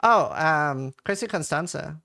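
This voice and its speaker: A man from Norway chats loosely through a live stream, answering his chat aloud. His voice sits a bit high and rings bright and forceful, with casual swearing. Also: animated, measured pace, gravelly. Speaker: game streamer.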